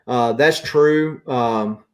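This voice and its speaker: A man's voice: medium pitch, very slow. A man with a Southern US accent hosting a casual chat and ranting in an opinionated way. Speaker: host.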